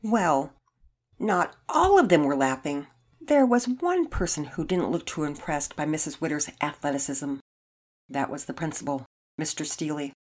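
A woman host announcing contest winners and reading a children's story aloud clearly. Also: deep voice, normal speed. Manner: clear and animated.

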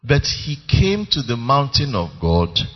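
A man's voice: medium pitch, sing-song, takes it slowly. A man preaching a sermon as pastor, emphatic and calling on the congregation to respond. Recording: reverberant lo-fi church recording.

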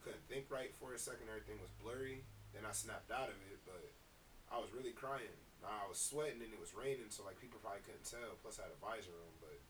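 A man's voice: on the low side, quick pace, a bit bright, far from the mic, low-quality recording. A young man co-hosting a casual podcast, telling stories with emphatic, profane talk. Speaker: podcast co-host. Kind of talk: casual chat. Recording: set back from the mic, faint hiss.

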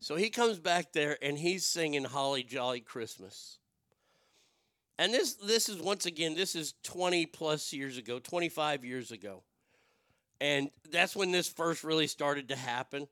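A man's voice: a little high, animated, measured pace, no room sound, studio quality. A man hosting a radio show, telling a story and then going into a profane, building rant. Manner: profane, building to shouted outrage. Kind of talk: storytelling and ranting.

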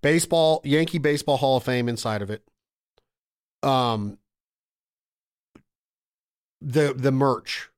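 A man in casual podcast chat, telling excited, profane stories and calling his friend "bro" and "dude". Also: mid-range voice, takes it slowly, long pauses, clean tone.

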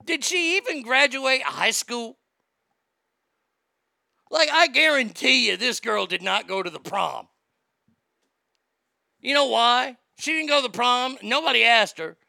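A man in his late forties hosting a live show, ranting crudely and mockingly, swinging between loud outbursts and mutters. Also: very high-pitched, expressive, a little slow, gravelly, pauses often, dry recording. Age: late 40s. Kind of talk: crude comedic rant.

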